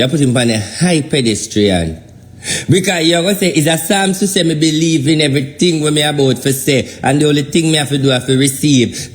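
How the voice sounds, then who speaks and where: A Jamaican man preaching off the cuff, with a voice a little higher than most men's. He presses his points hard and circles back to the same phrases again and again, mixing patois into his casual sermon. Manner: emphatic, repeats phrases in patois. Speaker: informal preacher.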